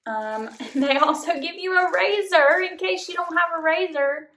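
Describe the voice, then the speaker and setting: A woman's voice: extremely high pitch, normal speed, sharp tone, echoey room, a little hiss or hum. Chatty woman, nervous and giggly. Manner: chatty, nervous, says y'all. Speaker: beauty vlogger testing a product. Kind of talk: casual product test vlog.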